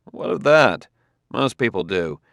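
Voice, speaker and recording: Guy doing a tired stern detective, low voice, dry close mic. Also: sing-song, measured pace, gravelly, a bit bright, no echo, full character voice. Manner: stern, reasoning and terse. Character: stern, tired middle-aged male detective. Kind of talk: audiobook character voice.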